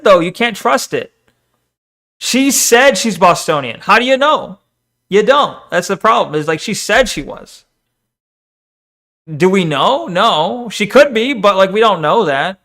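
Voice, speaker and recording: A man with a noticeably high voice, talking casually on a live stream. He rambles, reads his viewers' messages out loud and argues back with them in loose, unscripted talk. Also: animated, unhurried. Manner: rambling, argumentative, reads chat messages aloud and answers them.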